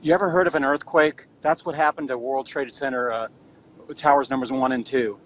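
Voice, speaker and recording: A man's voice: medium pitch, fairly even intonation, fairly quick, a bit bright, lo-fi sound. A man calling in to a radio show, lecturing the host dismissively. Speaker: caller. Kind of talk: call-in radio argument.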